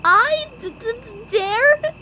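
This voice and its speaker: A woman voicing an eager young male sea sponge detective from a cartoon storybook, squeaky and earnest. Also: sing-song, takes it slowly, lo-fi sound, a little hiss or hum, full character voice. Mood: scared. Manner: squeaky and earnest, stammers when scared.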